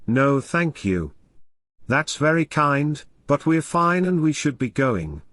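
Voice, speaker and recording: A worn-out young mother of three, her words heavy with sarcasm and fatigue, voiced by a male audiobook reader. The delivery sits a touch lower and softer than the narration, while still moving around in pitch. The sound is dry and close, with no room around it. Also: big pitch swings, takes it slowly, no echo, exaggerated voice. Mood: polite. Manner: weary and sarcastic. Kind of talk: audiobook dialogue reading.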